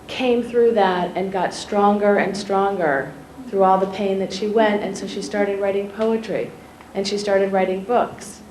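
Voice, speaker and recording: Woman journalist telling a story to kids. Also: mid-range voice. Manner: animated, asks the children questions directly. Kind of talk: storytelling talk to schoolchildren. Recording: echoey room, faint ambient noise.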